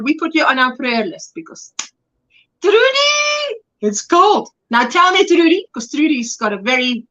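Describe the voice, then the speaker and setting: High, bright woman, livestream host, warm chatty greetings to viewers, casual home chat. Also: rough recording. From South Africa.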